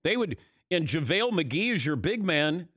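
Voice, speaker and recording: A man hosting a sports talk radio show, animated and casual, often restarting his sentences. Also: fairly high pitch, moderate pace, no room sound, studio quality.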